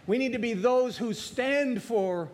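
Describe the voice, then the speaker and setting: High-voiced man preaching a sermon. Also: unhurried, a little mellow. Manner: preaching with rising emphasis and repetition. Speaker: pastor.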